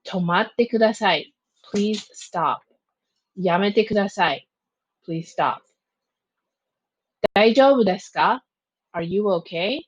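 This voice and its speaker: A woman teacher giving a slow, clear recorded vocabulary review, pausing between each word and its translation. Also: mid-range voice, dry recording. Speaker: Japanese teacher. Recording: dull, muffled lo-fi sound.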